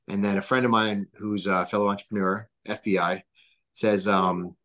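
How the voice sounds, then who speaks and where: A man's voice: on the low side, moderate pace. A man in his thirties, a guest on a podcast, telling casual stories in a rambling way full of fillers. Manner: rambling, filler-heavy, animated. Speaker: podcast guest, business founder. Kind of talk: casual storytelling interview.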